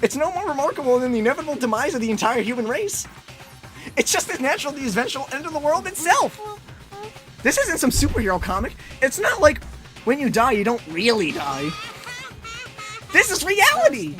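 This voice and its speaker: Brief: a man playing a sadistic cartoon bear headmaster from a game, high and bright, swinging wildly in pitch, sing-song and mocking, soft game music underneath. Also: wildly swooping pitch, fairly quick, heavily acted. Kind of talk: reading a game aloud with voices.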